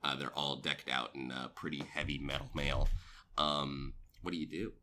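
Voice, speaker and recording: Very deep-voiced man narrating a tabletop game. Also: flat delivery, normal speed, pushed and bright, slight background noise. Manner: rambling, filler-heavy narration. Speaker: game master.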